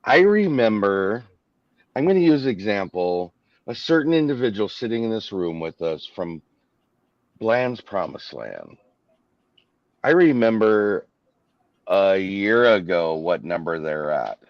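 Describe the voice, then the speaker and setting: A man's voice: fairly low pitch, big pitch swings, unhurried, long pauses, no room sound, dull audio. A man hosting a casual live-stream chat, agreeing with guests and wrapping up with thanks to the chat. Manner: agreeable, wraps up with sign-off. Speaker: host.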